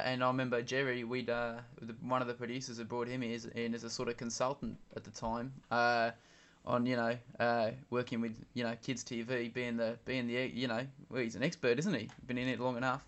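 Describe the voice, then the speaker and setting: A man's voice: medium pitch, flat delivery, a bit bright, clean tone, natural voice. A man playing a rambling ex-stagehand. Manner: rambling, halting, frank. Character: washed-up male kids' TV set worker, blunt and gossipy. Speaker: phone-in guest. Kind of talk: improvised comedy phone call.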